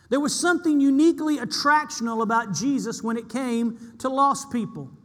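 A man's voice: very high-pitched, fairly bright tone, in a large hall. A man preaching a sermon to his church, earnest and emphatic, repeating key lines for weight.

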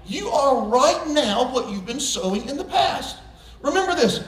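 A man with a very high voice preaching a sermon, emphatic and folksy, leaning on jokes and homespun stories. He is a pastor speaking to his church. The sound is roomy and echoing, and he is heard from some way off the mic. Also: animated, normal speed. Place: church sanctuary with congregation. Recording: roomy church echo, voice from far off.

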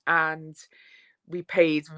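A woman with a Scouse accent, a podcast guest chatting casually and telling lively stories, swearing freely. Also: deep voice, very slow. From England. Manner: lively storyteller, swears freely, laughs often.

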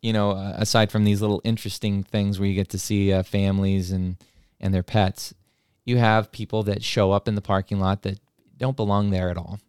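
A man with a somewhat low, smooth voice tells a story in a relaxed, casual way. He chuckles as he goes, and the recording is dry and close with no room sound. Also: fairly quick, hardly any pauses, dry recording. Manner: relaxed, chuckles through his own story.

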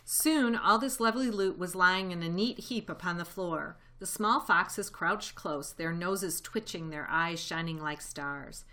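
A woman reading a children's novel aloud in a steady, expressive storytelling voice. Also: on the low side, a little slow, few pauses. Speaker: reader.

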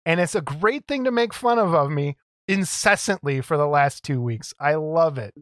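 A man's voice: a little high, animated, normal speed, fairly bright tone, dry recording, studio quality. A man co-hosting a podcast in casual banter, defending how he mumbles when nervous. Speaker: podcast co-host.

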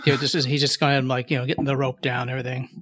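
A man playing a character in a tabletop role-playing game, relaxed and jokey. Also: mid-range voice, quick pace. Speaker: player.

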